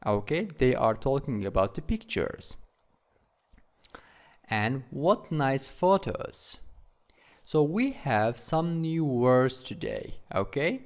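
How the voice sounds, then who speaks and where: Male English teacher, patient drilling style, unhurried and animated in pitch. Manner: repeats each word several times, slow drilling; friendly, with checking "okay?". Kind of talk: classroom vocabulary tutorial.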